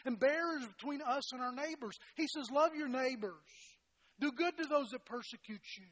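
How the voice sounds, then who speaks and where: A man's voice: extremely high pitch, normal speed, a bit bright, poor audio. A middle-aged man preaching a sermon as a pastor, folksy and self-deprecating, often restarting his phrases and peppering them with "you know". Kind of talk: sermon with personal stories.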